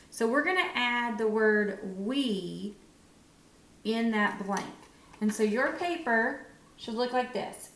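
A woman teacher giving a phonics lesson to young children, encouraging and sounding out words with pauses. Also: fairly high pitch, lively intonation, a bit bright. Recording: echoey room.

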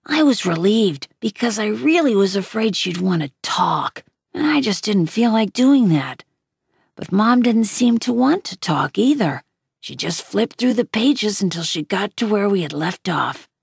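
A woman reading a novel aloud in an unhurried, even storytelling manner. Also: mid-range voice, creaky, breathy edge, dry recording, studio quality. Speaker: reader.

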